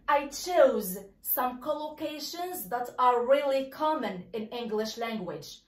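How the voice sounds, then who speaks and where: Woman teacher, bright high voice, very animated, roomy echo. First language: Arabic. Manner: slow, stressed model pronunciations of words. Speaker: English teacher. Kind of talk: bilingual language lesson.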